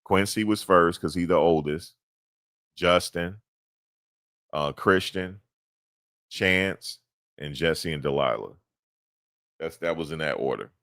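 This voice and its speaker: Low-voiced dude telling a story all animated, dry close sound. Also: male voice, takes it slowly, pauses often, dry recording. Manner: animated storytelling, slangy, repeats himself. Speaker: commentator recapping a court hearing. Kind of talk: casual recap.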